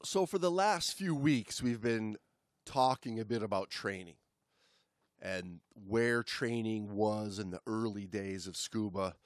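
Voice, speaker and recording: Steady, relaxed male podcast co-host. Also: on the low side, a little slow, no room sound, clean studio sound. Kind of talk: casual podcast chat.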